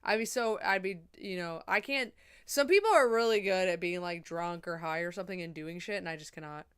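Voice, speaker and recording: A young woman chatting casually on a livestream, rambling and swearing, a little drunk and high. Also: brisk, a bit bright, clean tone.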